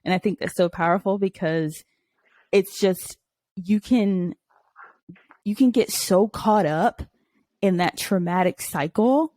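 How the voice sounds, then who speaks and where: A woman's voice: mid-range voice, takes it slowly, pauses often, mellow, dry recording. A young woman co-hosting a casual podcast, telling candid stories and laughing often. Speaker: podcast co-host. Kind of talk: casual chat.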